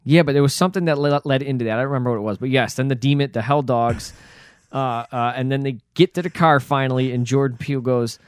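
A man's voice: medium pitch, quick pace, smooth, no echo, clean studio sound. A man in casual chat with a co-host, loose and fond of saying "dude". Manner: casual, says "dude" a lot, fills with "uh".

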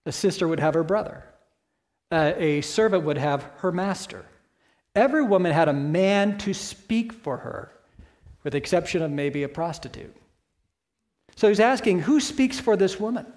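Conversational male preacher, somewhat high voice. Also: normal speed, long pauses, a little mellow. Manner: expository, conversational, rhetorical questions. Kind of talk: sermon. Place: church.

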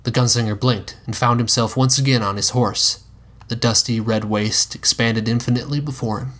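A man reading his own story aloud in a slow, folksy Western drawl, matter-of-fact about magic. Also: mid-range voice, steady tone, fairly bright tone. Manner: drawling cowboy voice.

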